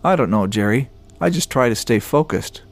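A man's voice: mid-range voice, expressive, normal speed, faint music behind, lightly acted. A man voicing a grim, determined male climber who mutters and grumbles.

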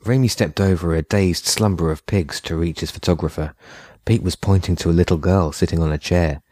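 A man narrating a horror short story in a measured, unhurried way. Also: sits low, mellow, dry recording, studio quality. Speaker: audiobook narrator.

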